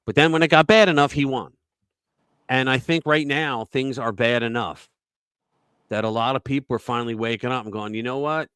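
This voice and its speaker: An emphatic man hosts a political talk show at a middle pitch. He tells stories conversationally, with frequent asides. The dry recording puts his voice close to the mic. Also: moderate pace, a bit bright, clear, resonant tone, dry recording. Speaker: host.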